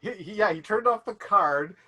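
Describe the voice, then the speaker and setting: Jokey male game master, bright and high. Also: animated. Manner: quick, jokey, laughing. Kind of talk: casual game chat.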